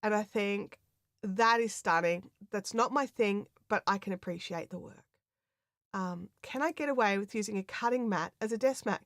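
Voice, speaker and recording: A woman's voice: mid-range voice, moderate pace, fairly bright tone, no room sound, clean studio sound. An Australian woman hosting a craft livestream, chatting casually and reading out viewer comments, with lots of fillers and laughter. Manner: chatty, rambling, laughs often, many fillers.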